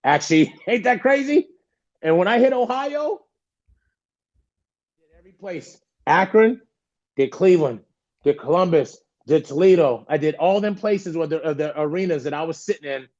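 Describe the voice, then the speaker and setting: A man's voice: fairly high pitch, normal speed, long pauses, darkish tone, muffled recording. A man, a guest on a podcast, telling a story with animation and acting out the voices of the people he quotes. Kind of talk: storytelling in an interview.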